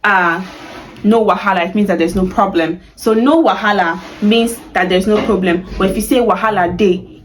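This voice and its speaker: A woman's voice: medium pitch, animated, unhurried, a little hiss or hum, rough recording. Chatty Nigerian woman teaching slang. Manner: chatty, laughs often, acts out sample phrases playfully. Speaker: language teacher. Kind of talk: casual video lesson.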